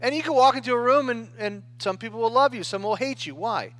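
A man with a high voice delivers a sermon in an easy, conversational way. He talks the way people do in everyday speech, restarting phrases and often pausing to check in with his listeners. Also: lively intonation, a bit bright. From United States. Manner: conversational preaching with frequent "right?" and restarts. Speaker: pastor.

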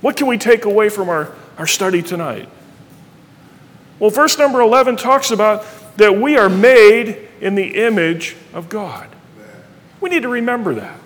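Middle-aged male pastor, high-pitched, earnest sermon delivery, reverberant church hall. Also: a bit bright. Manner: earnest preaching, reading scripture aloud.

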